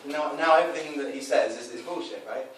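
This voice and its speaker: A man with a fairly high, fast voice describes his dating-coach approach in a casual, animated way, slipping into changed voices to act out quotes. It's recorded from a distance with a roomy echo and slight background noise.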